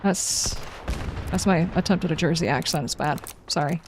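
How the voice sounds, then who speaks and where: A woman's voice: low-pitched, fast talker, noisy background. A woman livestreaming a game, chatting casually and wryly with her viewers as she plays. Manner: chatty and wry, reacting aloud and answering chat. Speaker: gaming livestreamer. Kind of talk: casual live gameplay commentary, chatting with viewers.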